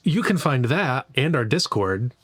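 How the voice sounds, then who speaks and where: A man narrating as game master, describing scenes in a halting way with frequent fillers. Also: mid-range voice, very animated, fairly bright tone, breathy edge, no echo.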